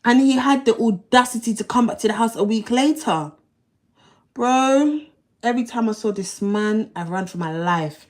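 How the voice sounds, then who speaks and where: A woman, hosting a livestream and speaking in a fairly high voice. Her delivery is blunt and slangy, full of swearing, and she repeats phrases as she tells her story. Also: animated, moderate pace, a little mellow. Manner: blunt, slangy and profane, with many repetitions. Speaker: livestream host.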